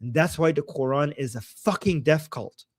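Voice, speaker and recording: A man from Iran, hosting a livestream and talking in a heated, profane way that often rises to shouting. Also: on the high side, normal speed, dry recording. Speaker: host. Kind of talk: livestream commentary.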